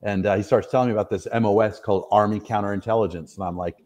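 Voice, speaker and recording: A middle-aged man from the northwestern United States sits for a casual interview and spins long, meandering stories. His voice sits slightly low. He talks in a relaxed, rambling way, full of fillers and quick apologies for going on. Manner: rambling, chatty, self-deprecating, many fillers. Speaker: interview guest, retired soldier.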